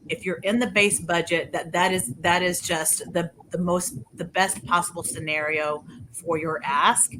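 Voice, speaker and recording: A woman's voice: lowish voice, background noise. A woman from rural Texas, giving a chatty policy update with apologetic asides. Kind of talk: casual online update talk.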